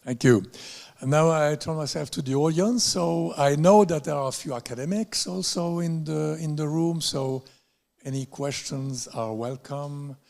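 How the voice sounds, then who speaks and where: Slow, hesitant male moderator. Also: on the high side, vocal fry, darkish tone. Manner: polite, hesitant, many fillers. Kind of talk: moderating a press conference.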